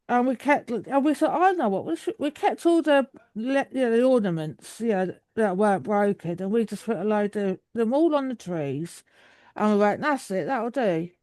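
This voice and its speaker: A woman's voice: mid-range voice, a little mellow, no echo. A woman in her thirties, chatting over a video call in a rambling way with many restarts. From England. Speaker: guest. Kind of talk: casual video call chat.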